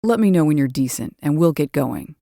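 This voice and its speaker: Woman doing a low, gravelly brooding young man. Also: expressive, a little fast, warm tone, dry recording, clean studio sound. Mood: stern. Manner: low growling, clipped through the teeth. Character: stern brooding young man, tense and restrained. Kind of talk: audiobook character voice.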